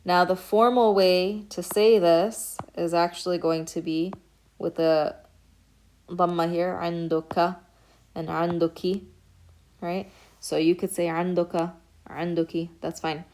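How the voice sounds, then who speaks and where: A woman's voice: lowish voice, steady tone, a little slow, a little mellow. A woman teaching a recorded beginner Arabic lesson, explaining patiently step by step and saying each word aloud as an example. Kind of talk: recorded lecture.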